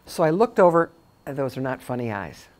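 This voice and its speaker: A low-pitched middle-aged woman speaking to a room of caregivers. She is a memory care consultant who tells stories in a chatty, informal way and leans on emphatic repetitions. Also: big pitch swings, a little fast, a little mellow.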